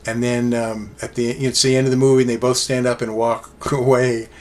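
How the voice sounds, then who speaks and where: A man's voice: mid-range voice, little pitch movement, normal speed. Rambling, enthusiastic male album reviewer. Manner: rambling, enthusiastic fan talk with many fillers. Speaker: music reviewer. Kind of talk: casual solo album review.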